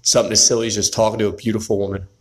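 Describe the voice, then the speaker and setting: A man's voice: on the low side, little pitch movement, rapid-fire. A man telling a story to the camera as a motivational pep talk, often checking in with "right?" and speaking straight to other men. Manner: pep-talk, addresses viewers directly, repeats "right?". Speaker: vlogger.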